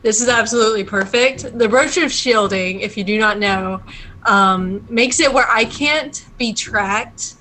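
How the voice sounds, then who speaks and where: A woman playing in a tabletop game, excited about her character's new item. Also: fairly high pitch, unhurried, slight background noise, rough recording. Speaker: player.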